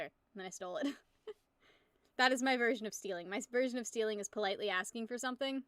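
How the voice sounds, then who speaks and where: High-pitched young woman rambling on stream, giggly and sweary, dry close sound. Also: a bit bright, no echo. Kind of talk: casual live-stream chat.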